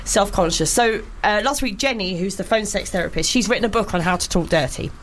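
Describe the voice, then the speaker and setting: A woman's voice: medium pitch, brisk, slight background noise. A woman co-hosting a radio show, chatting casually in a self-deprecating, giggly way. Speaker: radio co-host.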